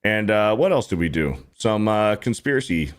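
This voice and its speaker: A man's voice: fairly low pitch, big pitch swings, moderate pace. A young man hosting a casual podcast, reading out viewer donations in a laid-back way. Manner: laid-back, reads out donor messages. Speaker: podcast host.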